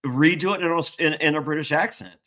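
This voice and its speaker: A man's voice: fairly high pitch, fast. A man co-hosting a casual reality-show recap chat, joking and restarting his sentences. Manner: animated, joking, stumbling restarts. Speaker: podcast co-host, former reality contestant.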